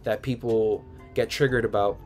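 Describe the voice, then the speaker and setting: A man's voice: lowish voice, fairly even intonation, moderate pace, darkish tone, soft background music. A man hosting a casual livestream, reading viewer comments aloud and answering them in a laid-back, rambling way from home. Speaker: sneaker livestream host. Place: home room.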